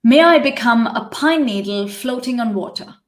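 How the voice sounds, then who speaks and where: A woman's voice: fairly high pitch, lively intonation, moderate pace, close to an everyday voice. A woman voicing a cunning male trickster raven spirit in a spoken tale, recorded with roomy echo. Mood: sly.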